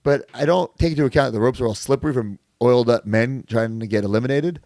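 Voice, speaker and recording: A man's voice: mid-range voice, fast, darkish tone, dry recording. Podcast co-host, male, casual and profane, loose storyteller, dry sound. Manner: rambling, profane storytelling with filler "like".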